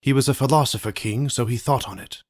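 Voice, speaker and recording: A man voicing a tender, solemn father rabbit in a storybook, telling an old tale in an earnest, halting way. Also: medium pitch, pitched above the performer's own voice, close to an everyday voice. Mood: solemn, grieving. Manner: earnest, halting, voice breaking with emotion.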